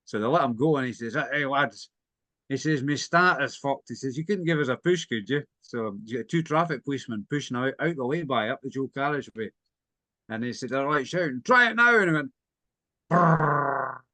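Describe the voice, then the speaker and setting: A man's voice: mid-range voice, fairly quick, fairly bright tone, dry recording. A man co-hosting a casual boxing chat, telling anecdotes with frequent chuckles and tag questions. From Scotland. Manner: chuckling storyteller, tags lines with "eh?". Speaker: co-host.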